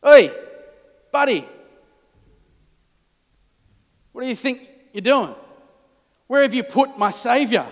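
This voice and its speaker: A man's voice: very high-pitched, big pitch swings, unhurried, long reverb tail, voice pushed up, exaggerated voice. A preacher voicing a distraught, feisty grieving woman with indignant, exasperated outbursts. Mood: confrontational.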